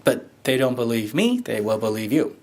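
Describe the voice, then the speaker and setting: A man's voice: mid-range voice, sing-song, moderate pace. A man presenting a teacher workshop, explaining animatedly and switching between Mandarin and English. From Taiwan. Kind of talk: bilingual lecture and discussion.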